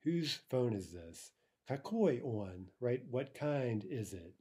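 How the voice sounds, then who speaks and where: A man's voice: medium pitch, big pitch swings, slow, darkish tone, breathy edge. A man teaching a recorded language lesson, patiently explaining and drilling phrases, checking in with "right?".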